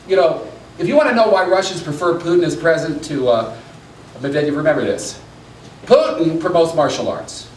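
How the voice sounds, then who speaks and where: Middle-aged male lecturer, hurried and excitable, lively high voice, recorded from afar in an echoey room. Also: a little hiss or hum. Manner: hurried, excitable, many restarts. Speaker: political science lecturer. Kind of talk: animated public lecture. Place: breakfast meeting room. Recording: echoey room, mic far off.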